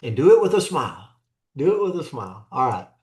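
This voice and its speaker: A man's voice: medium pitch, very animated, a little fast, darkish tone, roomy sound. A man hosting a motivational show as a coach, talking in an earnest, folksy way and repeating his phrases. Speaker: coach and host. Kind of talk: motivational talk.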